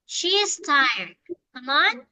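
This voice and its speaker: A woman's voice: high-pitched, sing-song, slow, bright, forceful tone, dry recording, rough recording. A woman teaching English to a young child one-on-one, patiently coaxing and repeating her prompts.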